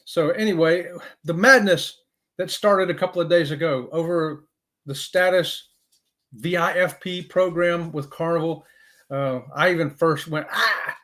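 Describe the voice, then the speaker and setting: A chatty man with a high voice hosts a casual live stream. He talks in a folksy, excitable way and keeps saying y'all. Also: unhurried.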